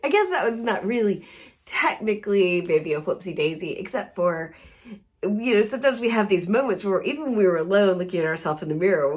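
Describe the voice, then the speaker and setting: A woman's voice: on the low side, husky. A woman hosting a wellness podcast, telling a funny story in a casual monologue and laughing often as she talks. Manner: soft and soothing in a gentle wrap-up.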